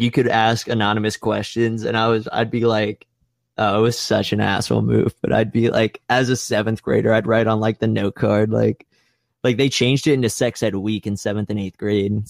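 A young man casually telling a profane, playful story and acting out other people's voices with big jumps in pitch. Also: flat delivery, moderate pace, vocal fry, no room sound, studio quality.

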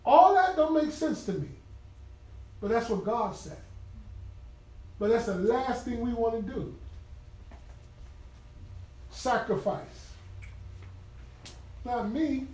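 A man's voice: extremely high pitch, unhurried, long pauses. A man preaching a conversational sermon, emphatic and humorous, telling stories about his own daily life. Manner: animated, humorous, emphatic storytelling. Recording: echoey room from far off.

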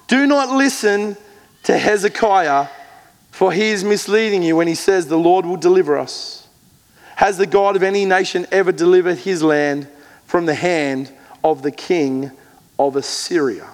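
A man preaching a sermon, retelling scripture with earnest emphasis and slow, measured readings. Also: sits high, in a large hall. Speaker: pastor.

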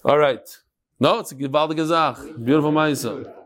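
Lively rabbi, slightly high voice. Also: male voice, normal speed. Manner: animated, talks straight to the class. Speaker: rabbi teaching a Talmud class. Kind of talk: lively lecture with storytelling.

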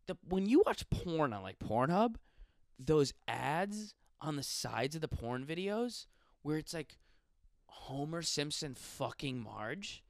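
Animated, profane young man rambling. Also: a little high, no room sound, clean studio sound. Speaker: podcast host. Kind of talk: casual comedic monologue.

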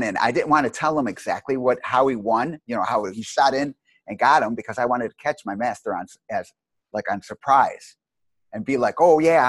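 A middle-aged man, a martial arts teacher, telling long anecdotes in a rambling, animated way with many restarts. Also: medium pitch, no echo. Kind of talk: casual storytelling interview.

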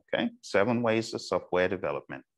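A man teaching an exam prep lesson, talking slowly on purpose and often checking in with "okay?" and "all right?". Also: sits low, lively intonation. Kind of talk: recorded online lecture.

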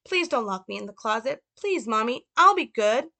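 A woman's voice: on the high side, very animated, moderate pace, vocal fry, pushed and bright, voice pushed up, exaggerated voice. A woman doing a frightened little boy pleading. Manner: pleading, repetitive. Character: frightened little boy begging his mother.

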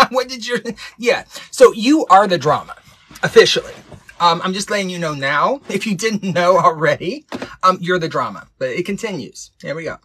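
A campy advice show host chats live with viewers in a lively, sing-song voice that swoops up and down. The tone is bright and a little husky. Sassy quips and pet names like honey keep coming. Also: medium pitch, moderate pace. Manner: campy, playful, calls viewers honey and babes.

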